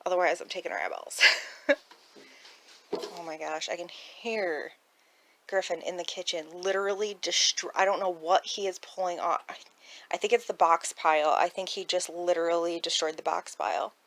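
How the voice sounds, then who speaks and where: A woman's voice: on the low side, steady tone, moderate pace, a bit bright, a little hiss or hum. A woman chatting casually at home about her thrift haul, rambling and laughing often. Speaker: thrift reseller vlogger. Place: at home indoors.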